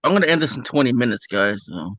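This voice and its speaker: A man hosting a live stream in casual chat, laid-back and low-key. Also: sing-song, fast, a bit bright.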